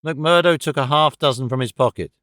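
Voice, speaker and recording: A man narrating a thriller audiobook in a measured storytelling voice. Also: fairly high pitch, a bit bright, no echo, studio quality. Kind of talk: scripted narration.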